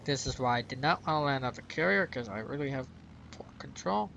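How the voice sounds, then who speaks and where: Gravelly American man rambling over gameplay. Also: medium pitch, expressive, brisk, fairly bright tone, muffled recording, slight background noise. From United States. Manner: rambling, self-mocking, chuckles at his own mistakes. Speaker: gaming channel host. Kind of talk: casual gameplay commentary.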